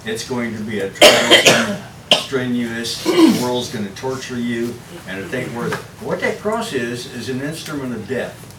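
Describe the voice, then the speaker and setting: A man's voice: mid-range voice, big pitch swings, a little slow, distant mic. Earnest man speaking up in Bible class. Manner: earnest, preachy. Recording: echoey room recorded from afar with background noise.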